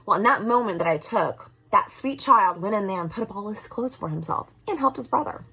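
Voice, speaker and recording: A woman in her forties talking casually and candidly to her viewers in a vlog, moving between loud remarks and soft, whispery asides. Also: medium pitch, animated, a little fast, gravelly, hardly any pauses, slightly rough. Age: 40s. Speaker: vlogger.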